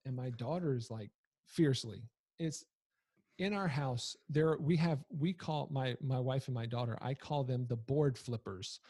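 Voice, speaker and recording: A man in his thirties recounts a family story with a husky voice. He talks loosely and conversationally, with fillers and self-corrections, and finds the humor in it. The sound is dry and close. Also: mid-range voice, measured pace, warm tone, dry recording. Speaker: storyteller, father. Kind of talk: casual personal storytelling.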